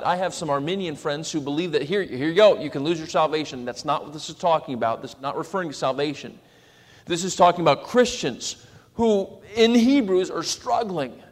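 High-voiced man preaching in a reverberant hall. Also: lively intonation, normal speed. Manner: conversational preaching with acted asides. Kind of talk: sermon.

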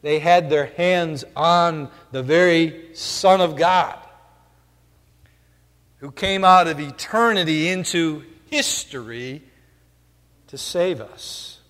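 Slow earnest preacher guy, kinda high voice, walks thru scripture bit by bit. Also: fairly bright tone, big-room sound. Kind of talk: sermon.

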